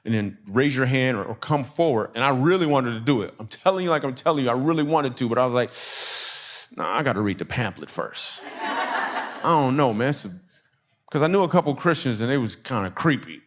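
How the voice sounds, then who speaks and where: A man's voice: mid-range voice, fairly quick. Man telling a comic story. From Michigan. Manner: animated storyteller acting out dialogue, audience laughing. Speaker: comedian and speaker. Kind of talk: comedic storytelling message.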